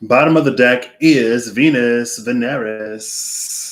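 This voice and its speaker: A man reading oracle cards aloud in a casual way, with unhurried, musing asides to himself between passages. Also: medium pitch. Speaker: oracle card reader.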